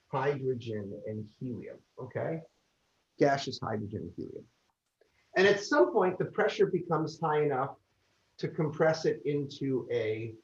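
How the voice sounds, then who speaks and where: A man's voice: a little high, darkish tone, breathy edge. A man lecturing on astronomy in an online class, informal and jokey, explaining step by step. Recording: dull lo-fi audio.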